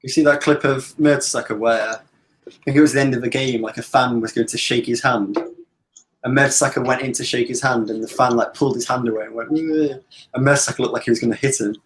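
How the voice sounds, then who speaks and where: A man in a casual football chat, telling stories in a relaxed, chatty way. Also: medium pitch, quick pace, slight background noise. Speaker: guest on a watch-along.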